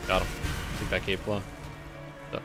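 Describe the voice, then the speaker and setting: A man in his twenties streams a game with a low voice, flat delivery and normal speed. His casual commentary rambles as he swears and talks to himself and his chat. Music plays in the background.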